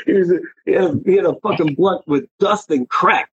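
A man's voice: high voice, breathy edge, dry recording, muffled recording. Profane, rambling New man. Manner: rambling, profane street talk with many fillers. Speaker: interview guest, graffiti writer. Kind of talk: casual storytelling interview.

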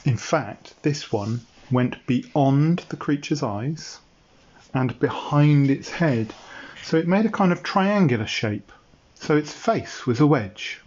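A man's voice: on the high side, expressive, a little mellow. Man telling a made-up story, playful, takes his time, muffled sound. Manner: playful, unhurried. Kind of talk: improvised story narration. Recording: dull lo-fi sound.

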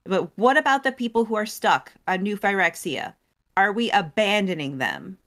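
A woman co-hosting a casual recap show, retelling a story and acting out characters' lines in quick voices. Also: mid-range voice, big pitch swings, fairly bright tone. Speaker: co-host recapping story lore. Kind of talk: casual chat.

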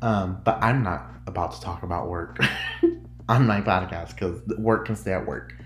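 Low-pitched and unhurried, this US podcaster chats on his own in a loose, rambling way, frequently breaking off into giggles and cutting himself off. The sound is reverberant.

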